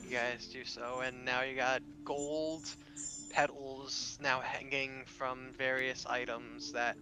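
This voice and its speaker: A man acting as game master for a tabletop game narrates in a relaxed way, full of filler words, in a mid-range voice at a slow pace, with music playing underneath.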